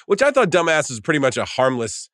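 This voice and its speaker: A man's voice: a little high, big pitch swings, quick pace, a bit bright, dry recording, studio quality. A man co-hosting a casual podcast chat, telling long rambling stories and swearing freely. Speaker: podcast co-host.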